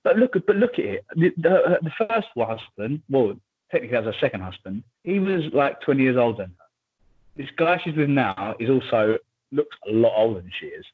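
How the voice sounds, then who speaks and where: A man chats casually as a podcast co-host, lively and full of quick asides. His voice is husky and a little breathy. It comes through a thin, tinny line, as if over a phone. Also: medium pitch. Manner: chatty, animated, quick asides. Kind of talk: casual chat.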